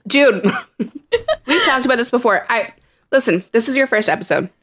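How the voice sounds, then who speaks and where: A young woman co-hosting a podcast in casual chat, an animated storyteller who acts out what others said. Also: on the high side, moderate pace. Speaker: podcast co-host.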